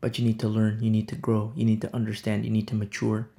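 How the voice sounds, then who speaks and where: A man's voice: on the low side, monotone, quick pace, creaky, mellow. A man pastor giving a conversational sermon, stressing points through repetition.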